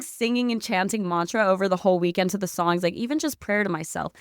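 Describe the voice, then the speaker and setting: A woman with a smooth, clean voice tells a story as a podcast guest, eager and excitable, peppering her talk with "like." The sound is dry and close, with no room around her. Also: fairly low pitch, fast talker, hardly any pauses, dry recording. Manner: excitable, fills talk with "like", spiritual vocabulary. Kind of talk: animated storytelling in casual chat.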